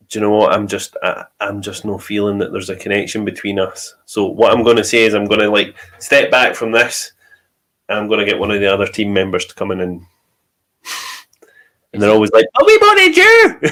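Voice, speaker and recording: Scottish man, low voice, storytelling laughs. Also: fairly bright tone. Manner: storytelling, laughs often while talking. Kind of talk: casual chat.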